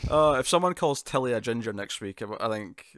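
Animated man laughing through a show review. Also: mid-range voice, a little fast, no room sound. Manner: animated, laughs a lot, repeats words. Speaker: podcast co-host. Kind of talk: casual review chat.

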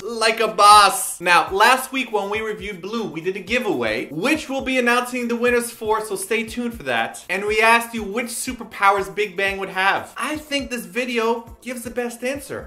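A woman co-hosts a comic music video review with a bright, clear voice. She jokes her way through the commentary and breaks into goofy put-on voices. Faint music plays underneath. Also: a little high. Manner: jokey, puts on silly voices. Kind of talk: playful scripted comedy commentary.

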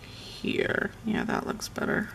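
A woman's voice: slow, a bit bright, slight background noise. A woman chatting casually on a live stream while decorating a planner at home, muttering asides to herself as she works.

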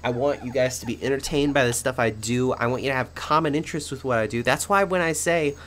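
A young man talking casually over his gameplay as a channel host, rambling with many fillers and little laughs, in a fairly monotone way. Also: mid-range voice, fast talker. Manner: rambling, chatty, frequent fillers and small laughs; admits to a somewhat monotone delivery.

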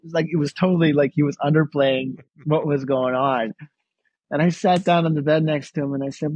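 A male actor, a guest on an interview show, telling a personal story in a soft, halting way with many restarts. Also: on the high side, fairly even intonation, slightly rough, no echo, highs cut off. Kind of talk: reflective storytelling.

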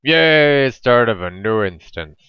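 A young man talks through his own gameplay in a loose, rambling, jokey way, slow and unhurried. His voice is smooth and clear, recorded dry and close on a dull, lo-fi desk mic. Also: lively intonation, dry recording. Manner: rambling, jokey, jumps into brief high squeaky voices. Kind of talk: casual gameplay commentary with silly voices.

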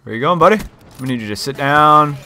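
A young man giving excitable gameplay commentary from home, yelping and switching into mock-formal sarcasm. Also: fairly high pitch, a little fast, a little hiss or hum. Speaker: gaming YouTuber.

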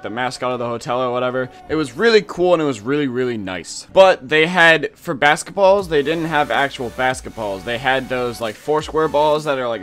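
A young man hosting a gaming channel, telling a casual story with lots of "like" fillers and animated retelling. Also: mid-range voice. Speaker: YouTube gaming channel host.

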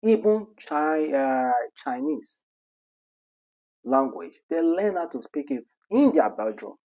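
A man giving animated, scolding celebrity gossip commentary full of rhetorical questions. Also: a little high, takes it slowly.

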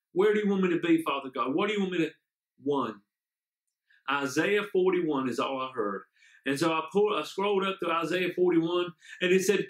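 Male pastor, fervent sermon and prayer, somewhat high voice, roomy echo. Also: fairly bright tone. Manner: fervent, repeats amen and hallelujah. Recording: echoey room.

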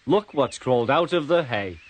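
A man's voice: medium pitch, animated, normal speed, fairly bright tone, lightly acted. A man with a British accent voicing a stern, punctual little male tank engine who scolds and teases, over background music. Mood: teasing. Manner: bossy, scolding, teasing.

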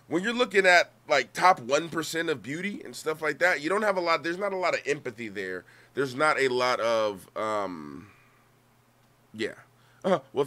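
A man's voice: fairly high pitch, pushed and bright. A man streaming, talking through a clip in casual, profane commentary, rambling with repeated words and restarts. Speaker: streamer reacting to clips.

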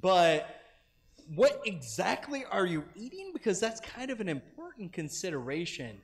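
A man's voice: sits high, sing-song, normal speed. A man speaking as a convention panelist in casual discussion, rambling a little and laughing between his thoughts. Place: large convention hall. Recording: long reverb of a large hall.

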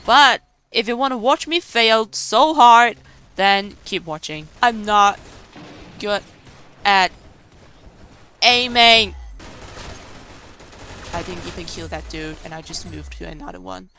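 A woman giving casual, excitable commentary on her own gameplay, mocking herself and laughing often. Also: mid-range voice, slow, long pauses, slight background noise. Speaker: gaming video creator. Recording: faint game music behind.

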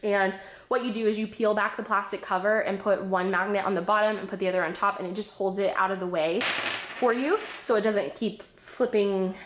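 Woman, craft vlogger, excitable and giggly, slightly breathless, middle pitch, roomy echo. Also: brisk, noisy background. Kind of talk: casual unboxing chat.

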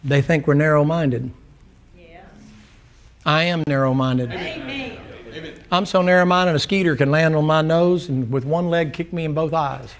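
A man's voice: on the high side, unhurried, long pauses. A man preaching a sermon to a church congregation, telling folksy, humorous stories. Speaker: pastor. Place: church sanctuary before a congregation. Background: congregation answering amen.

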